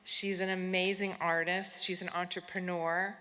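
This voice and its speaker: A middle-aged woman presenting an award on stage, speaking heartfelt and unhurried, with soft fillers, into a podium microphone. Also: on the low side, level tone. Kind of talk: tribute speech at an awards gala. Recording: long hall reverb, audience.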